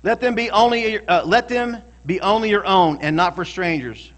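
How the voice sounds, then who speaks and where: A man's voice: sits high, moderate pace, a bit bright. A male pastor preaching a sermon in a church, emphatic and calling out to the congregation for responses.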